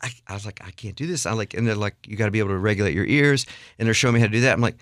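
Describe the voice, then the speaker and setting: A middle-aged man, a guest songwriter and worship leader, telling an animated, self-deprecating story with frequent restarts. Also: on the low side, very fast, no echo, clean studio sound.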